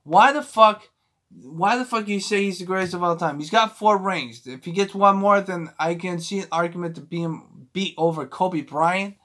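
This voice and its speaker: A sports fan vlogger with a somewhat high, slightly bright male voice rants angrily and profanely into the camera at a moderate pace. He is clearly worked up, looping back to repeat and restart phrases to hammer his point home.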